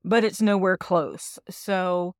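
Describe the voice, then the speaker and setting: A woman's voice: lowish voice, slow pace, clear, resonant tone, dry recording, studio quality. A woman co-hosting a casual podcast, talking frankly and laughing often. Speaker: podcast co-host.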